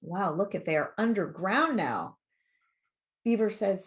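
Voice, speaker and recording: Woman, middle-aged, children's author, storytime read-aloud, animated, very lively pitch. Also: measured pace. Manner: lively, animated and encouraging, with questions put to young listeners. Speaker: children's author reading her picture book.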